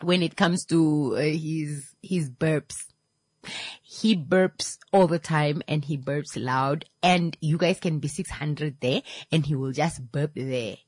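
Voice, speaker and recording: A woman's voice: low voice, slow pace, darkish tone, no echo, studio quality. A young woman vlogger giving a blunt, exasperated monologue about bad manners, firing off rhetorical questions. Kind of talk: casual opinion monologue.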